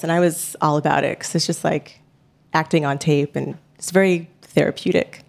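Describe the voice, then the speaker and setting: A woman's voice: low voice, fairly even intonation, normal speed, vocal fry. A woman answering interview questions, thoughtful and hesitant, full of fillers and restarts. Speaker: podcast host guest.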